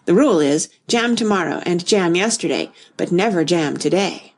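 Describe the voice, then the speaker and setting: A woman's voice: on the low side, expressive, moderate pace. A woman voicing a flustered, untidy queen who talks in a vague, wistful way. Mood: fussy. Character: flustered untidy White Queen, muddled and plaintive.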